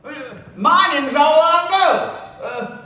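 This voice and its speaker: A man putting on a high-pitched drawling old coal miner. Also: expressive, slow pace, pushed and bright, exaggerated voice. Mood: folksy. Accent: Southern US, put on. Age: 50s. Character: folksy aggrieved male coal miner near sixty. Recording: echoey room, distant mic.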